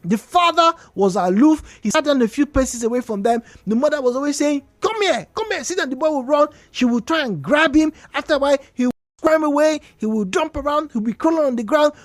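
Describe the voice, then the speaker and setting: The high-voiced Nigerian host of a radio call-in show talks fairly quickly, hardly pausing, as she tells stories with emphatic repetitions. She's an animated storyteller, recorded in a studio on a studio microphone with no room sound.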